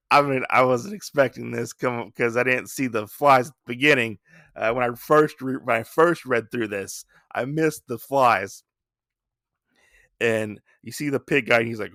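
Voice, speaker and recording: Male podcast host, chatty and enthusiastic, bright gravelly voice. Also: mid-range voice, normal speed, no room sound, studio quality. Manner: enthusiastic retelling with many fillers. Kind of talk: casual comic book review.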